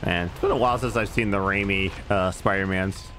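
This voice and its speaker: A man's voice: fairly quick, fairly bright tone, slight background noise. A man streaming a video game in casual chat, rambling off into profane asides about movies. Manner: rambling, profane movie digressions with swooping pitch. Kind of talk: casual let's-play chat.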